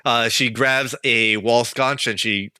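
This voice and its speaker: A man narrating a tabletop game as game master, halting with many fillers. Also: mid-range voice, fairly even intonation, pushed and bright, slight background noise.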